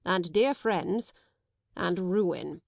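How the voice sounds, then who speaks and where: A woman's voice: on the low side, extremely slow, creaky, dry recording, heavily acted. A woman reading an audiobook, voicing a dry, brusque middle-aged male solicitor with a clipped, disapproving manner.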